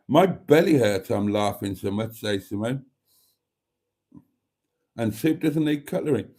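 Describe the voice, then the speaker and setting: A man's voice: medium pitch, a little mellow. A middle-aged man hosting a casual live stream, reading out viewer comments and teasing them in a chatty way.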